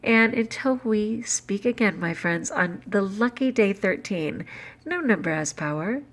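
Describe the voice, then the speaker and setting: A middle-aged woman vlogging casually to camera, candid and animated, with lively jumps in pitch. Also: measured pace.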